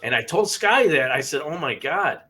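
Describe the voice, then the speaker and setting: A man hosting a podcast tells a personal story, restarting his sentences and getting emotional. His voice is bright and sits a little high for a man. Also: sing-song, breathy edge. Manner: emotional, halting, repeats words. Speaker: podcast co-host. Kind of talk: casual storytelling.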